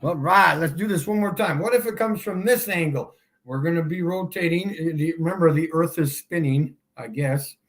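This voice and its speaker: A man hosting a casual livestream, mocking his viewers and laughing often as he repeats his points slowly for emphasis. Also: on the high side. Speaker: livestream host.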